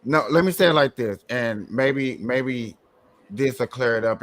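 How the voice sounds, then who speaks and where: A man's voice: medium pitch, measured pace. A man in a casual heated debate on a live stream, talking emphatically and repeating himself to get the floor.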